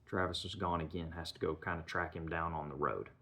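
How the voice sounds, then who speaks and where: Deep-voiced man casually recapping a film. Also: steady tone, a little fast, sharp tone. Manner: loose retelling with many "you know" and "kinda" fillers. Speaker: film reviewer.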